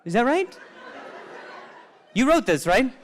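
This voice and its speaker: A man's voice: extremely high pitch, big pitch swings, slow, a faint crowd, rough recording. Stammering male comic riffing on stage. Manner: riffing, playful, mock-exasperated, stammering restarts. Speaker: stand-up comedian. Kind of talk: live stand-up crowd work. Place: comedy club stage with live audience.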